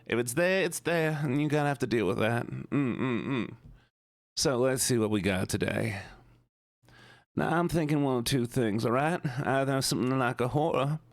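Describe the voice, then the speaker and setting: A man's voice: mid-range voice, moderate pace, no room sound, clean studio sound, lightly acted. A man putting on a drawling Southern good ol' boy. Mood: folksy. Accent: put-on American Southern. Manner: drawling, folksy. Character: folksy Southern man chatting easily.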